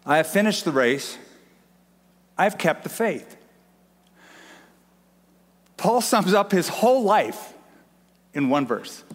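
A man preaching a sermon as a pastor, emphatic, with dramatic pauses and repetition. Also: on the high side. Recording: long hall reverb.

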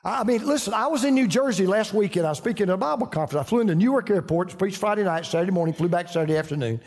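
An older man with a Southern accent delivers a sermon in a high, animated voice. He talks in a folksy, storytelling way and often restarts his sentences. His voice carries a long reverb from a big hall. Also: rapid-fire. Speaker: pastor.

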